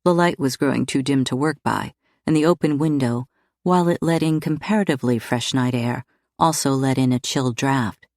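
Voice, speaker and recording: A woman reads a romance audiobook in a measured, even way. Her voice is low and deep for a woman, and the recording is dry and close. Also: no room sound. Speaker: audiobook narrator. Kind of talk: scripted narration.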